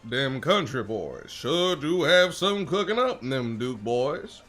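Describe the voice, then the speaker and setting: A man streaming, telling stories in casual chat, animated and swearing freely. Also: medium pitch, takes it slowly, soft background music. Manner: animated storytelling with mimicked voices.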